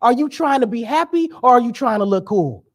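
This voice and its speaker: A man's voice: extremely high pitch, animated, brisk. A young man giving a sermon as a guest speaker, conversational and joking, with emphatic preaching.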